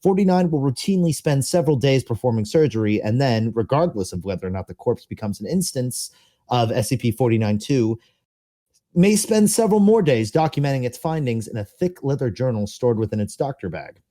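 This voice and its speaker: A man co-hosts a podcast, reading passages aloud and then chatting about them in a relaxed way. His voice is mellow and dark, at an ordinary pitch. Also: a little fast. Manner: reads text aloud, then chats with frequent laughs. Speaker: podcast co-host. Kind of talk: casual reading and discussion.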